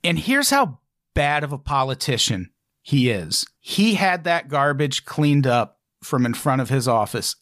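A man's voice: medium pitch, big pitch swings, measured pace, fairly bright tone, dry recording, studio quality. A man hosting a podcast, telling stories in casual, profane, joking chat. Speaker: podcast host.

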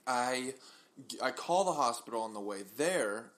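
A man's voice: mid-range voice, lively intonation, a little slow, fairly bright tone. A young man co-hosting a podcast, telling a long story in casual chat and acting out the people in it. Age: young adult. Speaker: podcast co-host.

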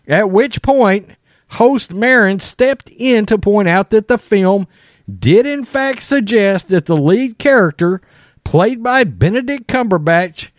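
A man's voice: high-pitched, dry recording, clean studio sound. A man giving blunt, profane, opinionated commentary on the news to his viewers.

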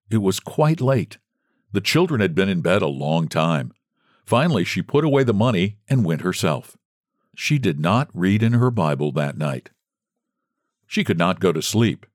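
Expressive male storyteller, dry sound. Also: sits low, no echo. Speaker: audiobook reader. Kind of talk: scripted narration.

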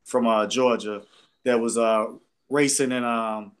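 A man's voice: mid-range voice, fairly even intonation, measured pace, smooth. A man co-hosting a podcast in loose, rambling, profane banter with friends. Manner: loose, rambling, swears freely. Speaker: podcast co-host. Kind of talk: casual banter among friends.

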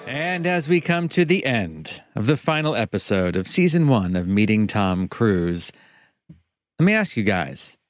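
A man hosting a podcast, reading the closing credits in a measured, deadpan way. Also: on the low side, no room sound, soft background music. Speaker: podcast host and producer.

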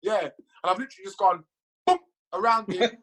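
Man, high voice, bright, animated, casual storyteller, cursing, laughing guest. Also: fairly quick, low-quality recording. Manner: animated, swears freely, laughs at his own stories.

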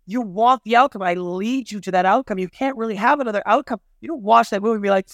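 Middle-aged guy talking fast and lively in an interview, does little voices for quotes, dry close sound. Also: sits high, dry recording. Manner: animated, acts out quoted voices, many "like" fillers. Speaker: guest, film producer and business consultant. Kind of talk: casual interview conversation.

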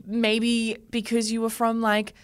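A woman's voice: on the high side, completely flat delivery. An Australian woman co-hosting a podcast, chatting casually and laughing often between jokes. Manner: giggly, chatty, quick to joke. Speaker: podcast co-host. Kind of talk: casual chat.

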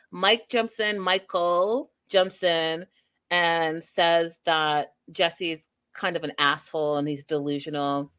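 A woman's voice: lowish voice, slow, clear, resonant tone. A woman giving a casual, gossipy recap of a reality show, acting out what the cast said and reacting with exasperation. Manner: gossipy, animated, acts out quotes.

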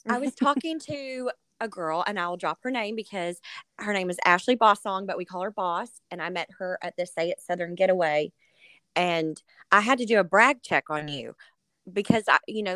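A woman hosting a podcast, chatty and excitable, rambling through stories with her guest. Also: medium pitch, normal speed, dry recording. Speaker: podcast host. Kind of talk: casual interview chat.

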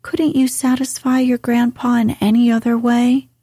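A frank, spirited young woman , read by a woman in a soft whispered role-play. The voice sits a little high, breathy and mellow, and moves at an unhurried storybook pace. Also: level tone, no echo, studio quality. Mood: coaxing.

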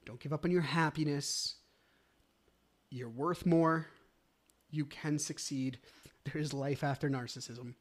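A man's voice: fairly high pitch, steady tone, unhurried, long pauses. A man hosting a solo podcast episode, talking in an emotional, grateful way, swearing often and sometimes dropping almost to a whisper. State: overwhelmed with relief. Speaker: podcast host.

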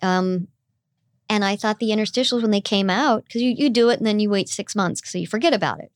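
A woman's voice: medium pitch, a little fast, no echo, studio quality. A middle-aged woman voice actor with a youthful, girlish-sounding voice, chatting animatedly as an interview guest. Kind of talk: casual interview chat.

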